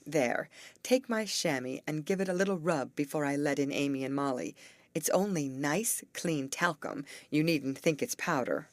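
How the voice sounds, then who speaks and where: A woman voicing a brisk, bossy teenage girl who leads her friends and coaxes them along. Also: low voice, no room sound, lightly acted. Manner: brisk and coaxing.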